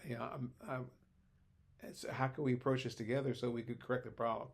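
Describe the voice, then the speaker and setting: An older man with a mid-range voice talks through his ideas as a podcast guest. He is thoughtful and unhurried, circling back with pauses and restarts as he explains himself. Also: mid-range voice, steady tone, creaky. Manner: thoughtful, rambling, frequent hesitations. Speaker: guest, former teacher. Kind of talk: conversational podcast discussion.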